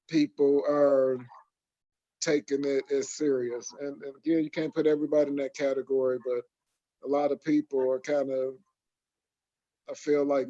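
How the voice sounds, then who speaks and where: On a dull lo-fi recording, a Michigan-born podcast host with a slightly high, warm voice chats casually. His talk runs in long rambling stretches packed with fillers and restarts.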